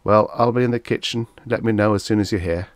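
A man's voice: fairly low pitch, steady tone, fast talker, no room sound, pitched above the performer's own voice, natural voice. A man voicing a curious male ship's cook who talks casually in a science fiction audiobook.

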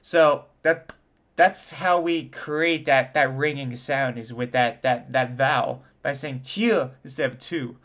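A man's voice: medium pitch, fairly even intonation, measured pace, fairly bright tone. A man, a trumpet teacher, reacting to an interview in a casual explanatory way and sounding out vowels and tonguing syllables as examples. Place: home studio in front of a camera.

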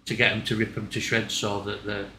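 Man, casual chat, blunt, stammering restarts, very bright edgy tone, echoey room. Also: fairly low pitch, level tone, fairly quick. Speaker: co-host. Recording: echoey room, faint ambient noise.

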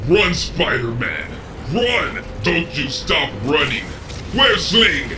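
A man's voice: a little high, very animated, takes it slowly, music in the background. A man voicing a smug, boastful male alien tyrant who trash-talks crudely while playing a game, in a comedic parody. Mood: frantic shouting. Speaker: gameplay parody voice actor. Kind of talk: comedic gameplay parody voice acting.

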